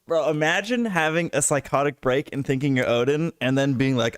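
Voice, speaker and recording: A man's voice: on the high side, fairly quick, hardly any pauses, clear, resonant tone, dry recording, clean studio sound. A man streaming live, reacting to a video with incredulous, mocking, profane commentary.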